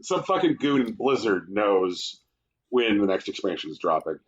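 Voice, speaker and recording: Husky and lowish, this man's voice has a sing-song lilt at a moderate pace, captured on a muffled recording. As a podcast co-host, he chats casually, swearing and spinning joking, mock-romantic tales.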